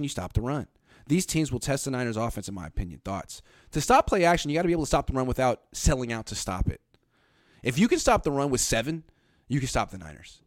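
Man, sports show host, blunt, sarcastic, mid pitch, dry close sound. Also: no room sound. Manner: blunt, sarcastic, reads viewer comments aloud. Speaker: podcast host. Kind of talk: casual sports talk.

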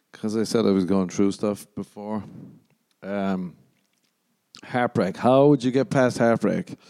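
A man's voice: mid-range voice, mellow, clear, resonant tone, no room sound. A young Irish man hosting a podcast on his own, rambling casually, swearing a lot and poking fun at himself. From Ireland. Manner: sweary, self-mocking, rambling. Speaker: podcast host.

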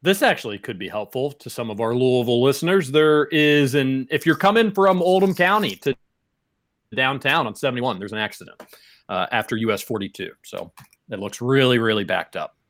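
A man's voice: medium pitch, animated, a little fast, fairly bright tone. A young man co-hosting a sports radio show in a studio, chatting casually and reading ads with upbeat emphasis. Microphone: studio microphone.

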